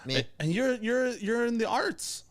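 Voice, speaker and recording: A man's voice: very high voice, animated, measured pace. A man co-hosting a podcast, chatting casually with crude jokes and frequent laughter. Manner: joking, laughs often, crude humor. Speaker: podcast co-host. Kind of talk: casual chat.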